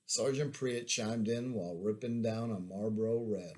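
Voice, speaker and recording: A man, an army veteran, reading his own memoir aloud in a measured, plain-spoken way. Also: lowish voice, darkish tone.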